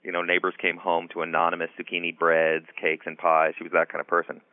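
A middle-aged man, a guest author and psychiatry professor, telling stories in a radio interview with a relaxed manner and many "you know"s. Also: low voice, quick pace, dry recording. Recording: tinny phone-line call-in audio.

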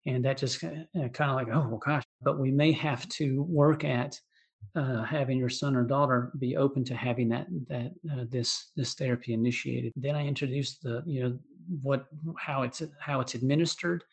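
A man, a physician assistant, explaining patient care in a relaxed podcast interview, with frequent restarts and fillers. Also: medium pitch, normal speed, creaky, husky. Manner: explanatory, many restarts and "you know" fillers. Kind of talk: conversational medical interview.

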